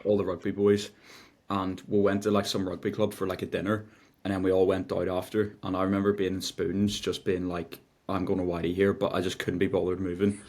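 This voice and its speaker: A man's voice: sits low, level tone, a little fast, darkish tone. A man telling an upbeat anecdote in casual podcast chat. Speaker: podcast co-host.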